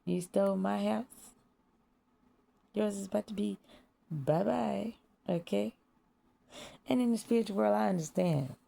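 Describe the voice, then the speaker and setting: A woman's voice: mid-range voice, a little slow, gravelly, pauses often, warm tone. A woman in a casual spiritual monologue, talking bluntly and profanely, laughing at her own jokes and sometimes dropping to a whisper. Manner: drops to whispers at times. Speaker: vlogger.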